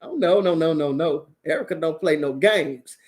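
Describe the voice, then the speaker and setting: A woman's voice: deep voice, moderate pace. Blunt, profane woman giving dating advice. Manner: blunt, profane and animated, laughs often. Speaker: host. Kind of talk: casual dating-advice talk to viewers.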